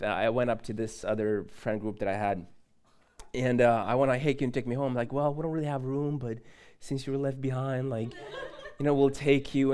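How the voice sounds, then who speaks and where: Young man, pastor, casual sermon, church, chatty storytelling, medium pitch. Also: clean tone. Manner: casual, animated storytelling with laughs and asides to the audience. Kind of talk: conversational sermon with personal story.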